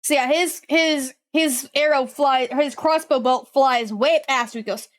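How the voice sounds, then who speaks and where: A woman's voice: sits high, measured pace. A young woman running a tabletop game, thinking aloud while she checks the rules. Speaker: game master.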